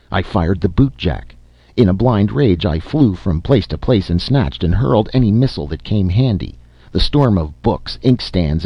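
A man's voice: deep voice, no room sound, muffled recording. A man narrating a classic story in a dramatic, theatrical audiobook reading.

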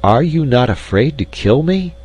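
A man voicing a pompous, polite male insect hero, with a high, fussy, pleading voice. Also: expressive, unhurried, a little mellow, poor audio. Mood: proud.

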